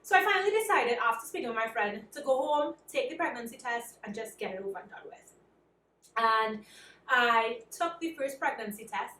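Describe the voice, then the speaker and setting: A young woman with a Trinidadian accent tells a personal story in a lively, animated way, acting out both sides of the conversation. Her voice sits a little high. She is recorded a bit away from the mic in an echoey room. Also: normal speed, far from the mic. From Trinidad and Tobago. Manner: animated, self-described anxious, acts out quoted dialogue. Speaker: vlogger. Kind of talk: casual storytelling.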